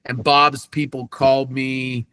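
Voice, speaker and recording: A man guesting on an interview podcast, telling animated stories about his acting work and acting out the quotes. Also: mid-range voice, unhurried, clear, resonant tone, no room sound. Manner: animated anecdotes with acted-out quotes. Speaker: voice actor guest. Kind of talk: casual interview storytelling.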